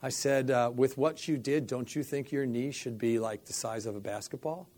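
Man telling an animated faith story. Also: mid-range voice, normal speed. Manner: animated storyteller, acts out quoted dialogue, repeats "I said". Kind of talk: storytelling interview.

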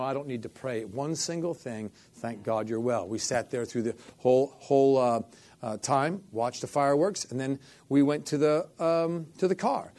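Man telling an animated faith story. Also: mid-range voice. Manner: animated storyteller, acts out quoted dialogue, repeats "I said". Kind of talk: storytelling interview.

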